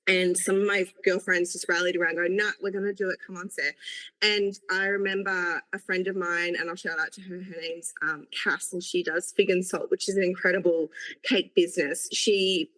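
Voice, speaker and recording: A woman's voice: fairly low pitch, level tone, normal speed, low-quality recording. A woman, a podcast guest speaking earnestly about her work and life. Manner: warm, earnest storytelling. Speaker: guest, cake maker. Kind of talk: conversational podcast interview.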